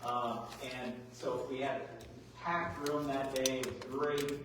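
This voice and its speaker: A middle-aged man giving a farm workshop talk, folksy and animated, full of rhetorical questions. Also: mid-range voice, takes it slowly, background noise. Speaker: agronomy speaker. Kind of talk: workshop presentation. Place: large hall. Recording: echoey hall, mic far off.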